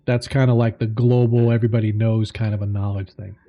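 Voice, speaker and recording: A man narrating a tabletop game as game master, slow and halting with many fillers. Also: on the low side, flat delivery, muffled recording.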